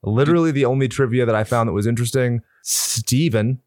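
A man's voice: medium pitch, fairly quick, a little mellow, no echo, studio quality. Profane joking man reviewing a movie. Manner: joking, profane, banters with co-host. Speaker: podcast co-host. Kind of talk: casual movie review chat.

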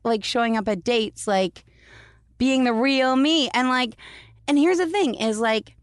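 A woman's voice: on the high side, measured pace, no echo, clean studio sound. A woman guest in a casual chat, rambling and laughing often, with lots of fillers.

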